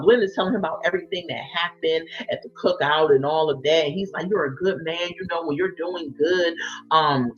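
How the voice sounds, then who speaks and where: A woman giving a blunt, exasperated recap of a reality show, acting out the people she quotes. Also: on the low side. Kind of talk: opinionated casual recap. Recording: dull lo-fi sound with faint music.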